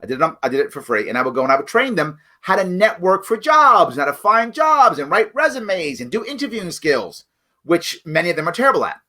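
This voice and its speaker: Blunt, emphatic middle-aged man, bright voice. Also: high-pitched, sing-song, fairly quick. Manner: blunt, emphatic, speaks straight to viewers. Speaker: political show host. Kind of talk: livestream political commentary.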